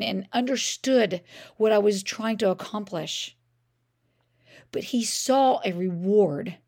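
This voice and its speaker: Middle-aged woman on a parenting podcast, lots of fry, chatty storytelling voice, medium pitch. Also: darkish tone. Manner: conversational, frequent "I mean" and "like". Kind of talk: personal storytelling.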